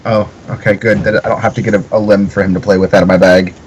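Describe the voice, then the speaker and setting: A man's voice: on the low side, little pitch movement, quick pace, slight background noise, low-quality recording. Wry man playing a tabletop game. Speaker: player. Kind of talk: casual tabletop game chat.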